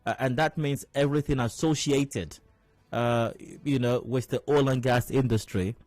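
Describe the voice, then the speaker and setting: A man's voice: mid-range voice, fairly even intonation, normal speed, darkish tone, no echo. A man hosting a talk radio show, making wry, rhetorical commentary and repeating phrases for emphasis. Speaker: radio host. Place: radio studio.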